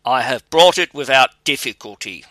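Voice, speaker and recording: A man's voice: medium pitch, expressive, moderate pace, bright, forceful tone, no echo. A man voicing a fearless young prince in a fairy tale, speaking with confident boasting.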